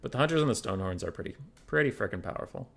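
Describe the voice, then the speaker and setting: Chatty, low-voiced male game caster. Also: animated, racing, vocal fry, slight background noise. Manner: chatty, digressive, talks to chat viewers. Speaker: tournament caster and streamer. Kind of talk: live-streamed strategy game commentary.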